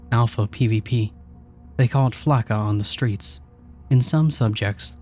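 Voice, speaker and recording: A man's voice: mid-range voice, natural voice. Man reading a cool female lab doctor. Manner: calm, matter-of-fact explaining.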